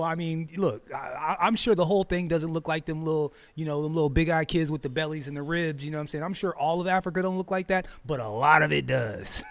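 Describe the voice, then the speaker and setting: Hosting a streamed talk show, a man whose voice sits a little high talks casually and with profanity. He gets heated, laughs a lot and trips over repeated words.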